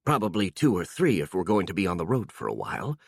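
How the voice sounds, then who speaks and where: Brief: storybook monster queen, smug and easily startled, voiced by a man, lifted pitch, dry studio sound. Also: huge pitch swings, fast talker, vocal fry, no echo, full character voice. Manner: smug, then easily surprised.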